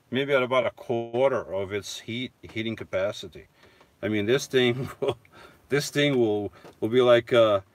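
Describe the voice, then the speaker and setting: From inside his van, a vlogger chats casually on a live stream, reading viewer comments aloud. He answers in a rambling way, correcting himself and tossing in chuckling asides. His voice is medium in pitch.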